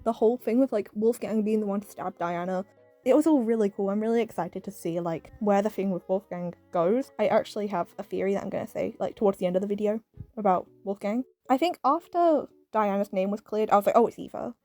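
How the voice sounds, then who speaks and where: A woman's voice: mid-range voice, brisk, dark tone, soft background music. A British woman giving a casual, rambling video review, full of "like" and "um" and frequent little laughs. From Britain. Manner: rambling, peppered with "like" and "um", laughs often.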